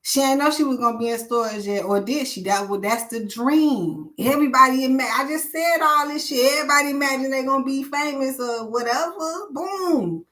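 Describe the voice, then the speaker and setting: A woman's voice: high-pitched, fairly quick, few pauses, fairly bright tone. A woman hosting a live stream, ranting bluntly and preachily with lots of swearing.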